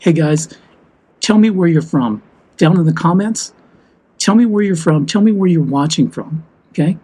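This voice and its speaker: A man's voice: on the high side, expressive, normal speed, warm tone, husky, low-quality recording. A man from the United States talking heatedly and emphatically in a walk-and-talk vlog. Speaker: vlogger.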